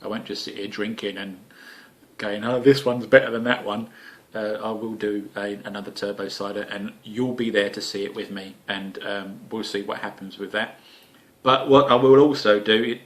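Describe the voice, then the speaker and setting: Essex bloke, homebrew vlog host, lowish voice, cheeky jokey delivery. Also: male voice, fairly bright tone. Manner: cheeky, jokey, lots of fillers and swearing. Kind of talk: casual chat to camera.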